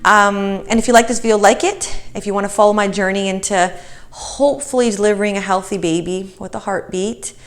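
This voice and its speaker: A woman's voice: medium pitch, fairly even intonation, fairly quick. Breathless chatty pregnant woman vlogging. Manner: chatty, with frequent fillers and restarts. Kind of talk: casual pregnancy update vlog.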